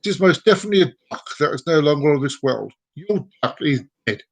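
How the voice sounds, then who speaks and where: Guy doing a flat sorry vet dude, kinda high, matter of fact. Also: fast talker, slightly rough. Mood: apologetic. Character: weary apologetic male vet.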